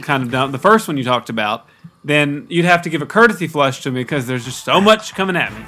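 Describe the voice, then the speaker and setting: A man co-hosting a comedy podcast, setting up jokes deadpan and laughing often. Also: a little high, quick pace, a little hiss or hum. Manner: joking, giggly, deadpan setups. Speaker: podcast co-host. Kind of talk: comedic banter.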